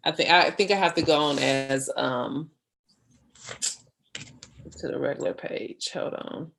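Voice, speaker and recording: A woman's voice: low-pitched, a little slow, gravelly, a bit bright, slight background noise. A woman co-hosting a casual live stream, teasing and slangy, easygoing as she reads out names. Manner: teasing, slangy, laid-back. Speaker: stream co-host.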